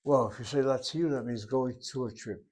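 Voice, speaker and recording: Male teacher, mid-range voice, patient explainer who repeats each word slowly. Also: medium pitch, a little mellow. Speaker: Hebrew teacher. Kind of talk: recorded language lesson.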